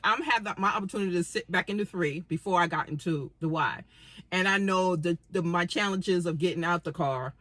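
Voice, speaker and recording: A woman's voice: lowish voice, fairly bright tone, no room sound. A middle-aged woman co-hosting a podcast from inside a car, chatting and telling stories with lots of fillers. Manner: chatty storytelling with many fillers. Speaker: podcast co-host. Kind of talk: casual chat.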